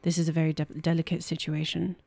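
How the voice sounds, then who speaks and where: A woman's voice: low-pitched, completely flat delivery, fast talker, gravelly, mellow. A woman playing a composed noble lady ruler. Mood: earnest.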